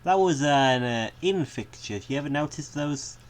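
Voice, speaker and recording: A man's voice: on the high side, expressive, normal speed. A man giving casual let's-play commentary on a game, chatty and rambling, wandering off on amused tangents. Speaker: gaming video creator.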